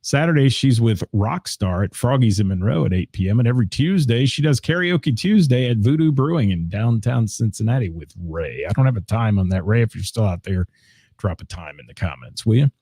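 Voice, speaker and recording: A man's voice: on the low side, lively intonation, a little fast, dark tone, husky, no echo, clean studio sound. A man hosting a live local music show, casually reading gig listings and answering viewer comments. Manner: chatty, reads gig dates aloud, answers viewer comments.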